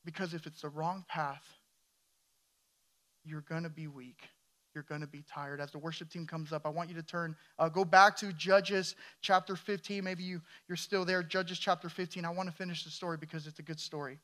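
A man's voice: on the high side, little pitch movement, moderate pace, bright, forceful tone. A man preaching a sermon as a pastor, emphatic and firing questions at his congregation.

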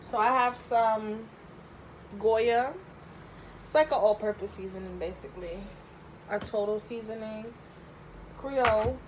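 A woman's voice: fairly high pitch, slight background noise, low-quality recording. A young woman talking through a casual home cooking tutorial, chatty and rambling, thinking aloud with lots of fillers. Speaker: home cook vlogger. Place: home kitchen.

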